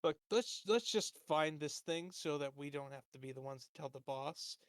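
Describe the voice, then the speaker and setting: A man's voice: fairly high pitch, normal speed, no room sound, clean studio sound, lightly acted. Man doing a whiny, defensive thug. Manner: defensive, complaining. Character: whiny male thug, defensive and excuse-making.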